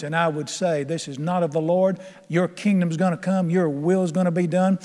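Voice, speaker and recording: A man's voice: high-pitched, a little mellow. A man, older, preaching a folksy, emphatic sermon and laughing along with his own stories. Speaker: pastor. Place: church sanctuary. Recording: long hall reverb.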